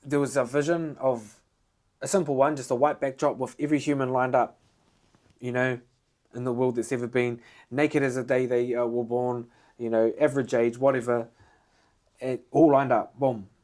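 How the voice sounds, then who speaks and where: Animated man recounting a vision. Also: moderate pace. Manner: animated retelling, punctuated with "boom". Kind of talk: casual podcast chat.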